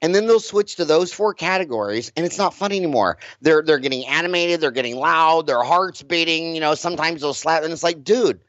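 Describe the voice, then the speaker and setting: A blunt, animated man with a somewhat high voice speaks as an interview guest, pushing his points hard and stumbling over repeated words. The sound is dry and close, but dull and lo-fi. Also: a little fast, hardly any pauses, no echo. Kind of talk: casual interview talk. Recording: dull lo-fi recording.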